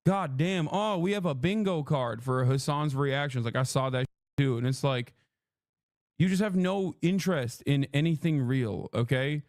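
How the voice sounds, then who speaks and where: A man pours out a heated livestream rant, cursing and mocking his critics in sarcastic put-on voices. His voice sits a little high for a man. The sound is dry and close. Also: normal speed, a little mellow, dry recording. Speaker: political livestreamer. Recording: played clip inside a reaction stream.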